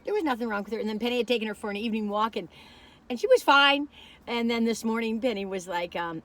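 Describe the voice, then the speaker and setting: A woman's voice: fairly high pitch, a little fast, fairly bright tone. A woman reviewing food in a casual vlog, chatting while she tastes and telling a rambling story that keeps losing its thread.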